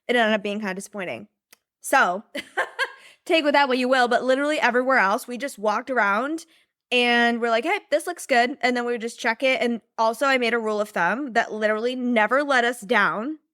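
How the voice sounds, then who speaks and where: A young woman talks in a bubbly, rambling way, full of fillers and quick laughs. Her voice sits a little high, recorded close and dry with no room sound. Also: a bit bright, dry recording. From United States. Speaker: podcast host and business mentor. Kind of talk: casual chat.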